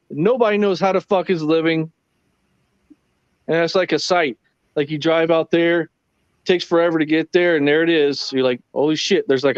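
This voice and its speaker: Brief: slightly high-pitched man, easygoing and profane, chatting on a livestream; dull, dry close-mic sound. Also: no room sound. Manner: laid-back, profane storytelling. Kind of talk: casual late-night livestream chat.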